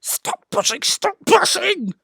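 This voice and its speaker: A man putting on a small, boastful tank engine with a high, bouncy voice that swoops up and down as it chatters, sometimes excited and sometimes fretful. The storybook reading is close and dry, with no room sound. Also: measured pace, no room sound, full character voice.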